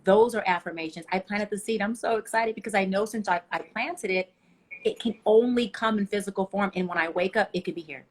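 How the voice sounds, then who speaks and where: A woman with a slightly husky, medium-pitched voice talks as a life coach guest. She speaks passionately and preaches to her listeners, telling her stories with a lot of life. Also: brisk. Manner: passionate, preachy, animated storytelling. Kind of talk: motivational interview talk.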